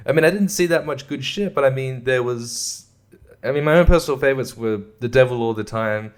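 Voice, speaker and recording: A man's voice: mid-range voice, fairly quick. A young man hosting a podcast, ranting casually about films in a profane, sarcastic way and laughing often. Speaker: podcast host. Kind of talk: casual rant.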